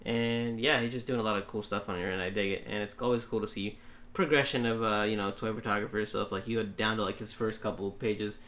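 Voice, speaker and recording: Relaxed rambling man hosting. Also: fairly low pitch, quick pace. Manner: relaxed, rambling, heavy filler words. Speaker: podcast host. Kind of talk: casual chat.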